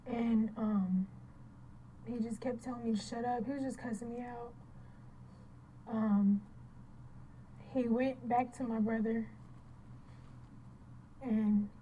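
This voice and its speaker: A woman with a high voice tells her own story of a violent night. She speaks haltingly, repeating and restarting her phrases as emotion pushes her voice toward tears. The tone is raw testimony, not performance. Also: fairly even intonation, dark tone, slight background noise, rough recording. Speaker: crime victim recounting an attack. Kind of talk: emotional first-person testimony.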